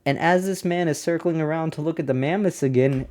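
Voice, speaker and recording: A man hosting a casual podcast, reading a diary aloud and breaking off into animated, incredulous asides to his listeners. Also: on the high side, fairly quick, hardly any pauses. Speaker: podcast host.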